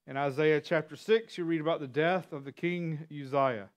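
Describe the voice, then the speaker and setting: High-pitched guy preaching, earnest, trips over words and repeats them, gets forceful reading scripture. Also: fairly even intonation, moderate pace. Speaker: pastor. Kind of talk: sermon.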